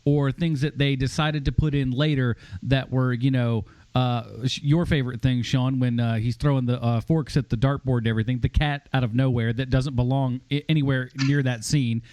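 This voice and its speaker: A man's voice: medium pitch, fairly even intonation, moderate pace, few pauses, a little mellow. A man co-hosting a movie podcast, telling stories in a chatty way and laughing at his own jokes. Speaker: podcast co-host. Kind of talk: casual movie review chat.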